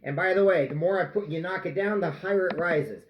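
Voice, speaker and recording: A man with a high, slightly quick voice makes bread in his home kitchen, goofing around, joking, and singing to himself as he kneads the dough. He's a home cook filming a casual cooking vlog, and the recording is lo-fi with a reverberant sound.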